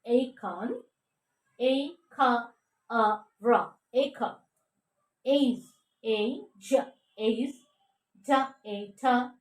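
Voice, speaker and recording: A woman teaching pronunciation, drilling words slowly, spelling out letters and checking with "okay?" between them. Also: on the high side, distant mic. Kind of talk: slow drilled pronunciation lesson. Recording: echoey room, a bit off mic.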